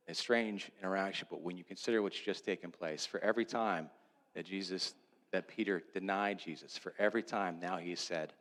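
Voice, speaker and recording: A male pastor preaching a sermon, retelling a story with animated swings between loud, excited lines and hushed, low ones. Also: a little fast, creaky, long reverb tail. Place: church sanctuary.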